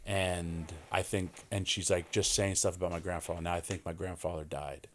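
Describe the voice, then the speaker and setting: Forties New man, low-pitched, animated podcast guest storyteller. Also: moderate pace, a little hiss or hum. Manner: animated storyteller, acts out quoted voices. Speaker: wrestling guest.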